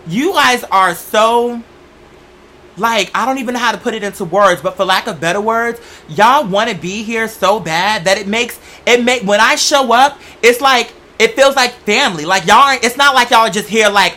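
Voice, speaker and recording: Sassy, campy man with a bright voice. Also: sits high, lively intonation, moderate pace. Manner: sassy, campy, profane, chatty. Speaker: show host. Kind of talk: casual comedic monologue.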